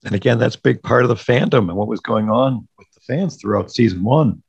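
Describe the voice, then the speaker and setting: A man's voice: medium pitch, brisk, creaky, slightly rough, highs cut off. A man co-hosting a casual podcast chat recapping a TV show, agreeable and thoughtful, often affirming his co-host.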